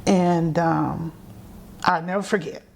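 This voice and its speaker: A woman's voice: lowish voice, fairly even intonation, slow pace, vocal fry, darkish tone, a little hiss or hum. A middle-aged woman from South Carolina, a guest telling her story in a conversational way, acting out the voices she remembers. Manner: vivid, acts out remembered voices.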